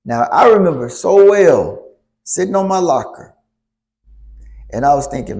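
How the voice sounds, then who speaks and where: Man, youth speaker in a church, lively up-and-down delivery, fairly high voice, chatty storyteller. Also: a little slow, pauses often. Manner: animated, asks the audience questions.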